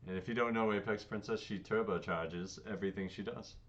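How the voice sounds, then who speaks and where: A man's voice: fairly low pitch, fairly even intonation, a little fast. A man co-hosting a podcast, talking earnestly and upbeat about his community. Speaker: podcast co-host. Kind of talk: casual podcast chat. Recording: dull lo-fi mic.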